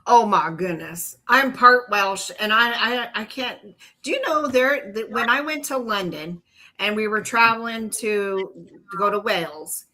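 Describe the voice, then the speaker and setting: A woman's voice: mid-range voice, a little slow, bright, forceful tone, poor audio. A woman from North Carolina, co-hosting a podcast, giggly and upbeat as she reads viewer comments. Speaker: podcast co-host. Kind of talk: casual chat.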